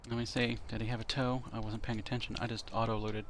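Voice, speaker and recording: Gravelly man rambling over gameplay. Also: lowish voice, level tone, fast talker, a little hiss or hum. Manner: rambling, thinking aloud with many fillers. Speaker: streamer. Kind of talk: casual commentary while playing. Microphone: console headset.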